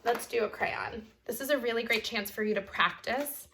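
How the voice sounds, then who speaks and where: A woman's voice: fairly high pitch, normal speed, a bit bright, a little hiss or hum. A young adult woman art teacher giving a chatty, encouraging online drawing lesson for kids, easily sidetracked as she draws.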